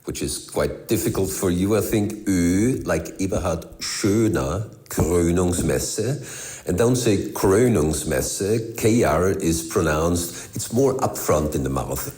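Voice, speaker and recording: A man with a German accent, slowly and carefully coaching how to say a word. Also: low-pitched, expressive, a little mellow. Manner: slow, careful pronunciation coaching. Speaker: listener sending a recorded clip.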